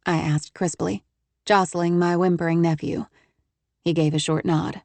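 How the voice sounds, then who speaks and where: A woman reads a first-person romance novel aloud with crisp, measured pacing. Her voice sits in a lower register and the recording is dry and close-miked. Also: level tone, a little mellow, no room sound. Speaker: audiobook narrator.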